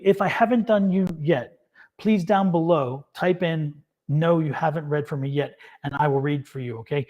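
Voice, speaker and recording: Excitable man giving live tarot readings. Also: on the high side. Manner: upbeat and excitable, laughs often; encouraging, affirming. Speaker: tarot reader hosting a live stream.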